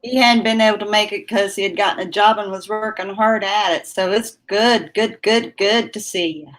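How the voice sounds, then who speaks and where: A woman's voice: medium pitch, steady tone, moderate pace, a bit bright. A woman hosting a casual live stream, chatting with viewers and laughing often. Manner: laughs often, drawls words out. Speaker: livestream host chatting with viewers.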